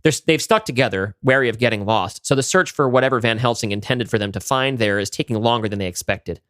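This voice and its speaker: A man's voice: medium pitch, fast, fairly bright tone. A man co-hosting a podcast, narrating a monster script at a table read in a vivid storytelling manner. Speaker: podcast co-host.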